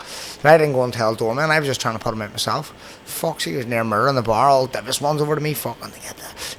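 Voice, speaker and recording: Belfast man, podcast host, rapid sweary chat, faint background noise. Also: medium pitch, a bit bright. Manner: quick, sweary storytelling. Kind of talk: casual chat.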